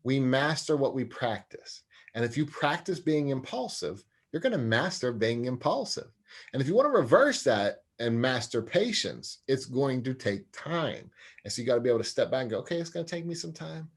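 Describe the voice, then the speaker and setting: A man's voice: medium pitch, normal speed. Earnest man explaining anger management. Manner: earnest, animated, acts out quoted voices. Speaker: guest, anger management specialist and sports psychologist. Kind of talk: interview conversation.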